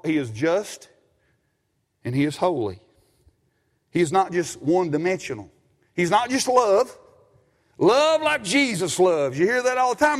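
High-voiced preacher in a reverberant hall. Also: male voice. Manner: folksy, animated preaching with many restarts and quoted voices. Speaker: pastor. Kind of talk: sermon. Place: church sanctuary.

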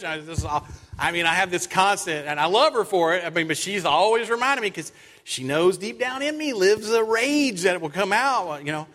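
A middle-aged man preaching a sermon in a church, an animated storyteller who acts out his own lines in stories. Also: high voice, a little fast. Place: church sanctuary. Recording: long church hall reverb.

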